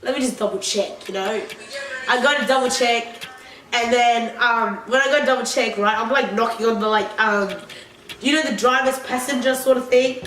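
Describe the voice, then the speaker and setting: Young woman vlogger, high voice, rambling and profane, recorded far off in a reverberant room. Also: normal speed, fairly bright tone. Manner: rambling, profane, filler-heavy. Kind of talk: casual storytime. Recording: echoey room, far from mic, faint noise.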